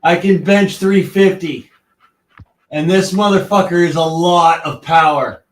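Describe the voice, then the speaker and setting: Slow-talking man cooing at his dog. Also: fairly high pitch, steady tone. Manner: profane, teasing, talks baby-talk to his dog. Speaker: stream host. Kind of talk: casual chat while playing with his dog.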